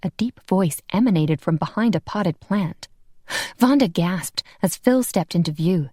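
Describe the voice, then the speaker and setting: Expressive woman narrating an audiobook. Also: on the low side, a little slow, no room sound, studio quality. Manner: expressive, voices every character. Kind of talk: scripted narration.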